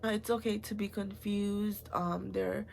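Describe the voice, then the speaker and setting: Gravelly, slow-talking young woman. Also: mid-range voice, fairly even intonation, a little mellow, slight background noise. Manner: rambling and heartfelt, many fillers and restarts; emotional, at times close to tears. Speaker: vlogger. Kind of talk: personal confessional vlog.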